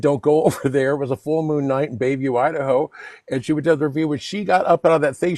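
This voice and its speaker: A man's voice: on the high side, a little mellow, no room sound, studio quality. A man who is a guest on a livestream, telling stories in a rambling way, laughing through them and often restarting. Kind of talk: casual storytelling.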